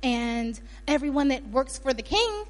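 A woman preacher telling a Bible story in a lively, conversational sermon full of slang asides. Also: high voice, measured pace, big-room sound.

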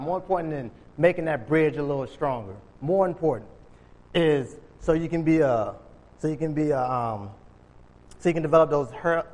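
A man preaching an informal sermon, retelling Bible stories in casual, conversational speech and acting out the characters. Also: on the high side. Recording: long hall reverb.

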